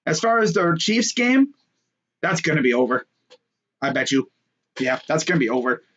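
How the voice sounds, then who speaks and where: Young male sports host, slightly high, loose and jokey, muffled home-mic sound. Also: sing-song, moderate pace, fairly bright tone. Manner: joking, rambling, fillers and trash talk. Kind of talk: casual solo sports talk.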